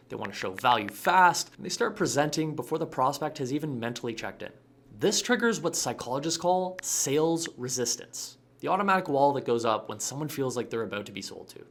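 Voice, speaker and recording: A man's voice: fairly high pitch, a bit bright, a little hiss or hum. A man giving scripted sales coaching narration with a punchy, emphatic delivery. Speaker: sales trainer.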